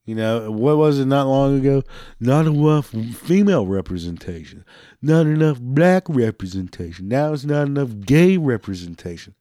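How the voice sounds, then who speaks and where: A man's voice: mid-range voice, expressive, normal speed, warm tone, dry recording. Guy ranting and cussing nonstop, dry mic, laughs here and there. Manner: angry, swearing heavily, laughing between lines. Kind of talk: profane rant.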